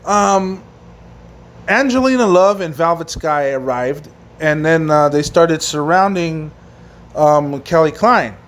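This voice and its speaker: A man's voice: on the high side, lively intonation, slow, a bit bright. A man hosting a casual solo wrestling review, rambling and swearing, with many fillers and restarts. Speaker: wrestling podcast host.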